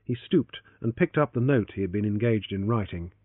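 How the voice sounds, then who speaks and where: A man's voice: on the low side, animated, normal speed, no echo. Man narrating a story over a tinny line. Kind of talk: scripted audiobook narration. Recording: tinny phone-like, dry.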